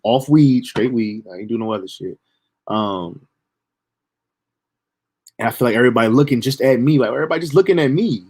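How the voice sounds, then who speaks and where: A young man telling a story from his own life in a casual, animated, profane way. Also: mid-range voice, brisk, long pauses, husky. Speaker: storyteller streamer.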